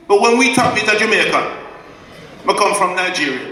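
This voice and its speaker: A man's voice: high voice, expressive, moderate pace, bright, forceful tone, distant mic. Emphatic man speaking in an echoey hall. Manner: emphatic, preacher-like, with audience call-and-response. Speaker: guest speaker at a community event. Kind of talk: public address to a live audience. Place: community hall.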